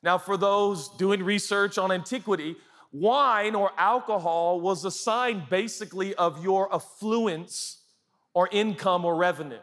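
A male pastor telling a funny wedding story in his sermon, jokey and animated, quizzing the crowd. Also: high-pitched, measured pace. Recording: long hall reverb.

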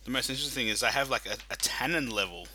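A man co-hosting a casual chat, enthusiastic and expressive. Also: medium pitch, rapid-fire, a crowd in the background, low-quality recording. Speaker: podcast co-host.

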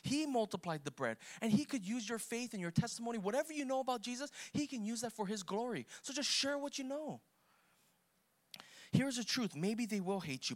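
A man's voice: very high voice, big pitch swings, brisk. A man preaching a sermon, emphatic and rising for emphasis.

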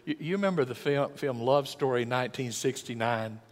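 An older man, preaching a folksy sermon that swells from quiet to loud and acts out voices. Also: mid-range voice, moderate pace. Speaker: pastor. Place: church sanctuary. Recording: long church hall reverb.

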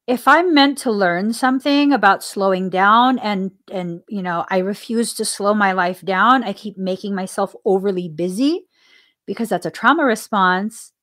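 Speaking at normal speed in a mid-range, fairly bright voice, a spiritual podcast host muses sincerely about her life, posing questions to herself and laughing frequently.

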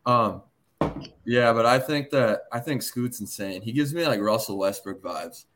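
A man's voice: medium pitch, unhurried, a bit bright. A man, a guest on a sports podcast, talking in an enthusiastic, slangy way. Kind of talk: casual sports chat.

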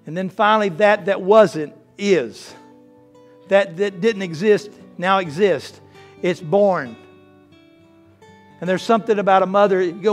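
A man preaching a sermon as pastor, swinging from hushed, slow lines to loud, fervent ones. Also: high voice. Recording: faint guitar music behind. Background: soft guitar playing.

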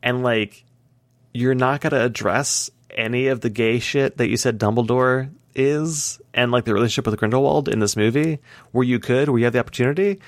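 A man in casual podcast chat, worked up and swearing freely, with "like" dropped into nearly every sentence. His voice sits at an ordinary middle pitch. The sound is dry, with no room echo. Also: a little fast. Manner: heated, profane ranting, heavy "like" filler. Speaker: podcast co-host.

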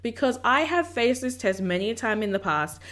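A woman's voice: fairly high pitch, expressive, normal speed, a bit bright. A woman hosting a podcast, talking casually and reflectively about faith and acting out her own inner dialogue. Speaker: podcast host. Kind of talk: casual faith encouragement talk.

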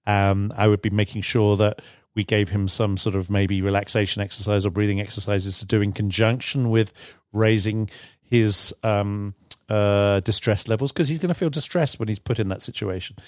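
A man, a therapist explaining treatment calmly in a podcast chat, with many fillers. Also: on the low side, dry recording, clean studio sound. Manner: calm, halting with fillers. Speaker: therapist guest. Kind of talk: casual explanation.

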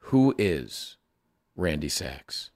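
A man hosting a podcast interview in a casual, rambling, animated way, laughing as he talks. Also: very deep voice, extremely slow. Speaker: podcast host.

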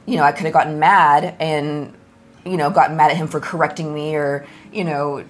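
A woman co-hosting a relaxed talk on relationships, blunt and direct, with lots of "like" and "um". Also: low voice, moderate pace. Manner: blunt and direct, filler-heavy. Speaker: ministry co-host. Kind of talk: casual conversation about marriage.

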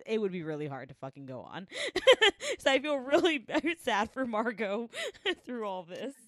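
A woman's voice: medium pitch, very animated, moderate pace, no echo, studio quality. A woman co-hosting a podcast, talking casually and openly about a show, swearing freely. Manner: frank and emotional, swears freely. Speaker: podcast co-host. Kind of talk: casual chat recapping a show.

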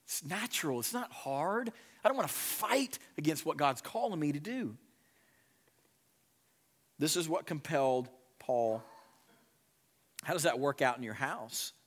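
A middle-aged man preaching a sermon in a fairly high voice. He swings between loud, pressing emphasis and hushed, quiet passages, talking straight to parents in the pews. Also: lively intonation, measured pace, long pauses. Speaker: pastor.

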